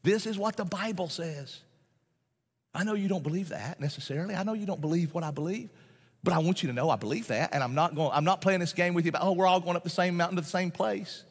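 A man's voice: sits high, fast talker, slightly rough. A man, a Baptist pastor, preaching a sermon in a folksy, emphatic way, often repeating phrases and laughing between points. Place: large church auditorium. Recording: long hall reverb.

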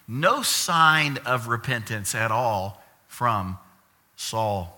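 A pastor with a grandson, preaching a lively sermon and acting out the voices of the people he quotes. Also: fairly high pitch, a little slow. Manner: animated storytelling, acts out quoted voices.

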